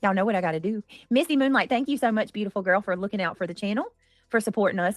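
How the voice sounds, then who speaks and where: A woman hosting a casual livestream, greeting viewers by name and cheering gifts with excited squeals. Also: medium pitch, very fast, dry recording, clean studio sound, soft background music. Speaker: livestream host.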